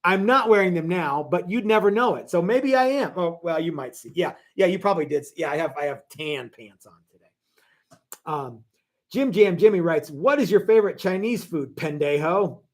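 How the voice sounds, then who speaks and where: A man hosts a laid-back live stream from his guitar workshop. His voice sits a little high for a man, and he rambles through viewer questions, restarting sentences, piling on fillers and tossing in jokes. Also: expressive, normal speed. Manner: rambling, chatty, lots of fillers and restarts, joking. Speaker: guitar shop owner hosting a live stream.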